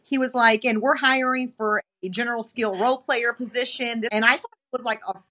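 Speaking fairly high and fairly quickly, this woman co-hosts a podcast and recounts a story in relaxed conversation. She brings energy to it, performing the voices of anyone she quotes.

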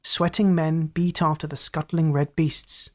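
A host narrating an old science fiction story as a calm, inviting storyteller, in a scripted audiobook reading. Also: mid-range voice, a little slow.

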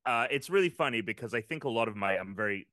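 A British man from England co-hosting a podcast, telling stories in a halting, self-deprecating way with many restarts. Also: mid-range voice, lively intonation, pushed and bright, no echo. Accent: British English. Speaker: podcast co-host. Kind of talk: casual chat.

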